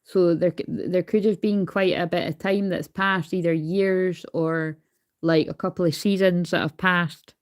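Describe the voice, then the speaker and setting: A woman's voice: lowish voice, fairly even intonation, a little slow. A woman doing a casual livestream card reading into a phone. She is chatty, swears freely and calls herself hyper. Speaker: tarot card reader.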